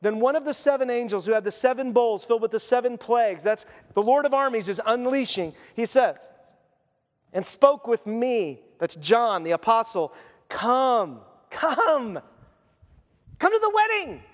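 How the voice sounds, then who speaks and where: High-voiced pastor preaching in a hall. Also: male voice, normal speed. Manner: animated, acts out quotes, restarts often. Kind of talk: sermon.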